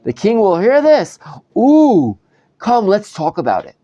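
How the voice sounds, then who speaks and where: A rabbi teaches a live Bible class to a room of students. His voice is mellow and dry, and the recording sounds dull and lo-fi. His delivery is lively, swinging up and down as he dramatizes the text with frequent restarts. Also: high voice, unhurried, no echo. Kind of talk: live Bible study lecture. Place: study hall with students.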